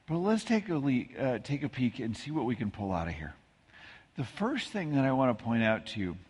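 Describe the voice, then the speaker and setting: A man from the American Midwest giving a sermon as pastor, telling stories in a casual, self-deprecating way with frequent asides. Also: mid-range voice. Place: church sanctuary. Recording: husky voice with long church reverb.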